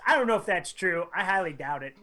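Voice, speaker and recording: A man's voice: sits high, lively intonation, fast talker, bright, forceful tone. Jokey male radio co-host. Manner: loose, jokey, laughs through remarks. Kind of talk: casual radio banter.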